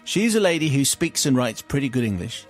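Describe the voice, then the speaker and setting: A man's voice: medium pitch, sing-song, fairly quick, soft background music. A middle-aged male radio host reading a listener's letter aloud in a wry, theatrical way. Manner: wry and theatrical, breaking into laughter.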